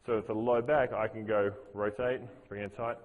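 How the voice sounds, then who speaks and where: A man's voice: on the low side, level tone, a little fast, long reverb tail, narrow, tinny audio. A man teaching a fitness class, counting reps aloud and explaining the moves as he demonstrates them. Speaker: fitness instructor. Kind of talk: gym class instruction.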